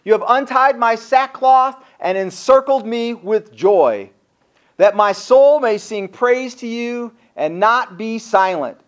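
This pastor's voice is very high and lively in intonation, and he speaks slowly. His sermon leans on repeated rhetorical questions, with scripture readings placed between his remarks.

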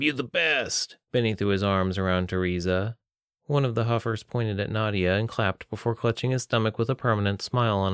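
A man narrating an audiobook in a steady, plain storytelling manner. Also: lowish voice, clear, resonant tone, no echo, studio quality. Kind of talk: scripted narration.

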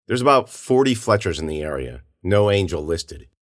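A man's voice: low voice, very animated, normal speed. A man voicing a young police officer who answers in short, curt replies. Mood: dutiful.

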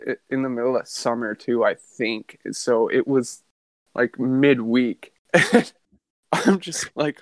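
A man's voice: medium pitch, a little slow, no echo. Laid-back man telling a rambling story. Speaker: podcast co-host. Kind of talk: casual storytelling.

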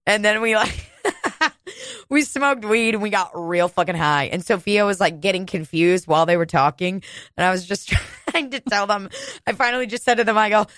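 A woman in her thirties from Kansas City, telling a casual, profane, animated story on a podcast. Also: medium pitch, moderate pace, no room sound. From Kansas City, United States.

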